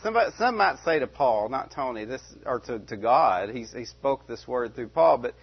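A man's voice: lively intonation, normal speed, husky. Emphatic preacher man, lo-fi recording. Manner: emphatic, repeats key words, rising pitch on questions. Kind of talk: sermon. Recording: dull lo-fi recording.

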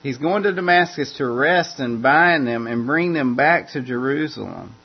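Gravelly, husky male preacher. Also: medium pitch, lively intonation, moderate pace. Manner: informal, repeats and restarts phrases as he explains. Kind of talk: conversational Bible teaching. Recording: dull lo-fi recording.

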